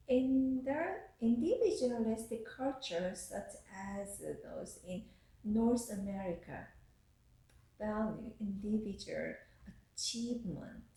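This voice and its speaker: A woman professor delivers a recorded lecture at a slow, careful pace, often stopping to restart a phrase. Her voice is mellow and unhurried. The room around her gives a noticeable echo. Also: on the high side. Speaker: university professor. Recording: echoey room.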